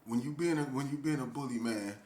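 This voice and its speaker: A man telling a street story in casual speech, animated and often breaking into laughter. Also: mid-range voice, brisk, a little hiss or hum. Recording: echoey room.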